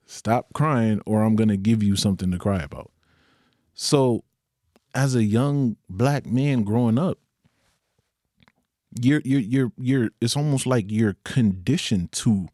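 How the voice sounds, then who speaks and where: A man's voice: mid-range voice, darkish tone, dry recording, studio quality. A young man speaking in an earnest, candid personal monologue, with occasional rueful laughs.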